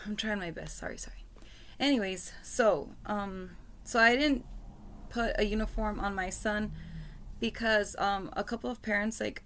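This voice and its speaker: A woman's voice: mid-range voice, a bit bright, a little hiss or hum. A mother talking casually to her computer camera at home, rambling and apologizing often, with lots of fillers. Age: adult with a school-age son. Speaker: parent vlogger. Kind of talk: casual vlog talk. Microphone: computer webcam mic.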